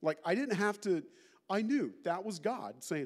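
A male pastor giving a conversational sermon, telling stories with lots of animated asides. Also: high voice, a little fast. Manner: animated storytelling with many asides.

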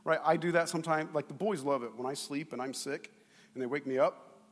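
A male pastor preaching a sermon in a playful, animated way, acting out voices. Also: a little high, fairly quick, long reverb tail.

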